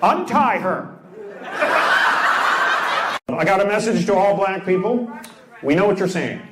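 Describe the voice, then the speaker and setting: A man doing crowd work as a stand-up comedian, brash and teasing, firing off quick punchlines on a club stage. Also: high voice. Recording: echoey club with loud crowd noise.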